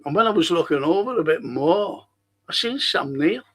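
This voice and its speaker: A man hosts a live stream in a fairly bright voice on the high side, with lively intonation and a moderate pace. In casual chat he reads out comments and tells rambling stories, often restarting.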